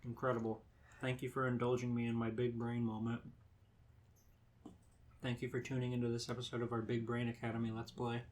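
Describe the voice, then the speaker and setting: A man's voice: medium pitch, completely flat delivery, a little fast, pauses often. A man hosting a casual podcast chat, playful and joking, often breaking into laughs. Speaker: podcast host.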